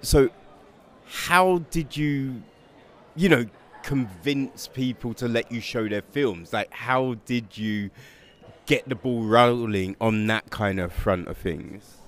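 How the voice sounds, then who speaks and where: A man's voice: medium pitch, slow pace, fairly bright tone. A man interviewing a guest, asking loose, informal questions with fillers. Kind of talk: casual interview.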